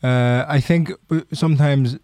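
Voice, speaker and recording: An Irish man, a comedian guest on a podcast, talking earnestly and hesitantly, filling pauses with "uh" and "um". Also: medium pitch, fairly even intonation, darkish tone, clear, resonant tone, dry recording, clean studio sound. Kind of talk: casual chat.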